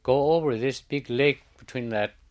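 A man's voice: medium pitch, normal speed, a little mellow, voice pushed up, natural voice. A man voicing a clever, persuasive male raven who coaxes and insists. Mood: coaxing. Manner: coaxing, insistent.

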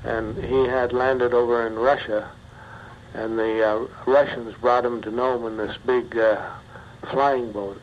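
An older man, a former pilot, slowly telling his memories in an interview, with many pauses and fillers. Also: medium pitch, little pitch movement. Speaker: retired bush pilot. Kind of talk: oral history interview. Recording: muffled archival tape with faint hiss.

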